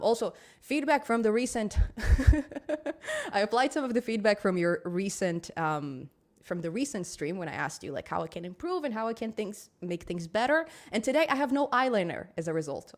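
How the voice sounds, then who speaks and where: A woman hosting a programming live stream, chatting casually with viewers, upbeat and quick to laugh, with a lot of ums. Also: medium pitch. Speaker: livestream host of a programming channel.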